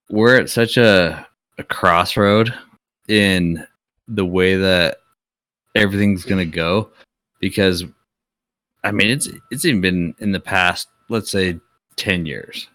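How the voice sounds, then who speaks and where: A young man with a very low, deep voice rants bluntly on a podcast, swearing freely as he talks. The sound is close and dry, with no room echo. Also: takes it slowly, long pauses, fairly bright tone. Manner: blunt, profane, ranting. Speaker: podcast co-host. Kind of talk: casual chat.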